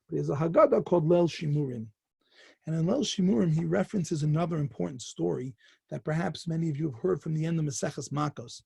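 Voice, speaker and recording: A man's voice: a little high, gravelly, dark tone, slightly rough, dry recording, studio quality. A man, a rabbi, giving a Torah lesson, telling the story and building to fervent emphasis.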